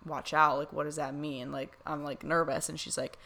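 A young woman vlogger telling a story to her viewers in a casual, excited way, with lots of fillers. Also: deep voice, normal speed, vocal fry, hardly any pauses. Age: young adult. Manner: excited, gushing, many fillers.

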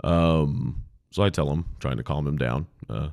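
A man with an extremely deep, low voice tells a story casually and candidly as a podcast host. He swears frankly and talks in a loose, conversational way. The recording is dry and close. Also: a little slow, creaky, darkish tone, no room sound. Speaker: podcast host, former 911 dispatcher.

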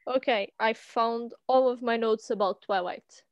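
A woman's voice: a little high, fairly even intonation, unhurried, clean tone, no echo. A woman co-hosting a book podcast, chatting casually and teasing her co-host with blunt remarks. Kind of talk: casual chat.

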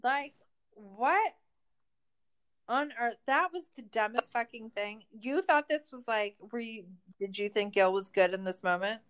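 A woman's voice: medium pitch, moderate pace, few pauses, smooth. A woman podcast host in a casual recap chat, ranting in exasperation and swearing a lot.

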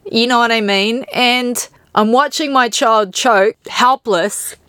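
A woman's voice: on the high side, slow pace, fairly bright tone, clean tone, no echo, studio quality. A woman from New Zealand with a New Zealand accent, hosting a podcast and candidly, emotionally retelling personal stories. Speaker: podcast host.

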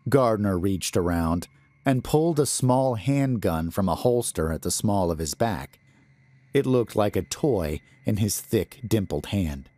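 A man reading a horror story aloud in a deliberate, expressive manner. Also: deep voice, no room sound. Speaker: narrator.

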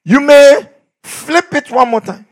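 A middle-aged man preaching a sermon, swinging from shouts down to near whispers. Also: very high voice, takes it slowly. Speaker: pastor.

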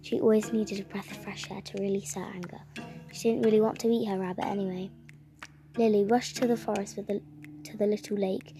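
A woman's voice: medium pitch, steady tone, warm tone. Woman reading a story over music. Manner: halting, with frequent restarts.

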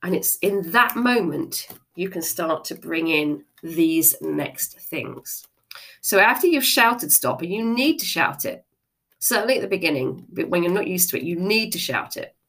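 A woman's voice: lowish voice, expressive, measured pace, fairly bright tone. A woman giving a motivational self-help talk, frank and conversational, with the odd casual swear word.

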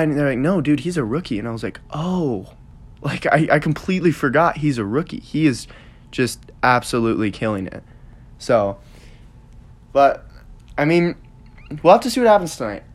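A young man hosting a podcast, rambling through sports opinions in casual chat with lots of fillers. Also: medium pitch. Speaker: podcast host.

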